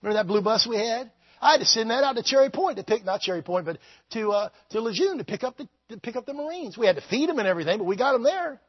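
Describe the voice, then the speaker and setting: Male pastor, husky voice, very high pitch, fervent shouting revival sermon, muffled lo-fi recording. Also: animated, fast talker, no room sound. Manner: shouting, fervent preaching with many repeated phrases.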